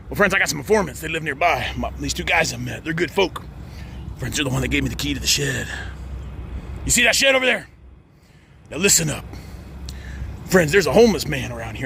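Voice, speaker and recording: A man's voice: fairly high pitch, gravelly, pushed and bright, slight background noise. A man vlogging outdoors at a cemetery in a folksy way, working "friends" into nearly every sentence. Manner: folksy, says "friends" constantly. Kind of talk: outdoor character vlog.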